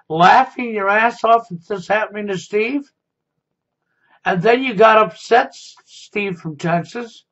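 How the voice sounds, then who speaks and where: Man, high voice, accusatory monologue, dull lo-fi recording. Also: fairly bright tone. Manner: confrontational, repeats "okay?". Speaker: YouTube commentator. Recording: dull lo-fi sound.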